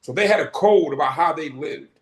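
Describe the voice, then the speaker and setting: A man's voice: on the high side, fairly quick. A middle-aged man from Boston telling his story as an interview guest, acting out the dialogue he quotes. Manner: vivid storyteller who acts out quoted dialogue. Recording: roomy echo.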